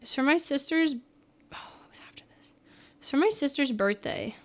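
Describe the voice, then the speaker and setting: A woman's voice: sits high, expressive, moderate pace. A woman from California, a livestreamer and singer, chatting casually with viewers in a rambling way and laughing often.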